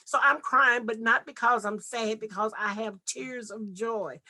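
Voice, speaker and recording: A woman's voice: a little high, moderate pace, few pauses, bright, forceful tone. A woman from Nashville giving an earnest, heartfelt personal testimony as a podcast guest. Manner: earnest, heartfelt, vivid retelling.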